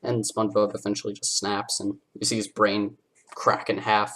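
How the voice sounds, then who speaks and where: A man's voice: lowish voice, fairly bright tone. A man hosting a podcast, casually recapping a cartoon episode with lots of fillers, now and then jumping into character voices. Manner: rambling, filler-heavy, acts out character lines. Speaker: podcast host.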